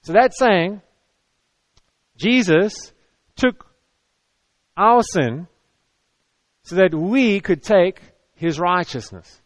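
In a church hall with an audience, a man preaches a sermon in a conversational, repetitive way, stammering and restarting. His voice sits high and is expressive, with drawn-out words and frequent pauses, and there's no echo.

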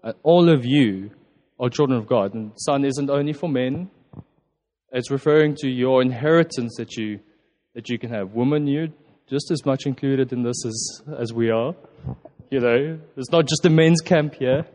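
A man's voice: mid-range voice, a little mellow. A man giving an informal, earnest sermon and prayer at a church service, often restarting his phrases. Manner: earnest, halting with repeated restarts. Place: church hall. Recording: long hall reverb.

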